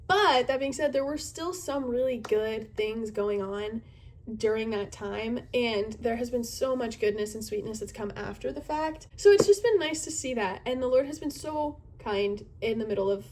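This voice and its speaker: A woman in her twenties talks casually to camera about her life, earnest and reflective, often reaching for words with fillers along the way. Her voice sits a little higher than most women's. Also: normal speed, a little mellow. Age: 20s. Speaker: youth group leader.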